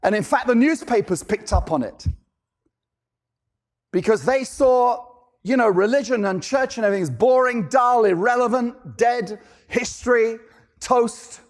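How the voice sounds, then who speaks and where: A man preaching a sermon, animated, firing off rhetorical questions and acting out characters. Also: very high-pitched, a little slow.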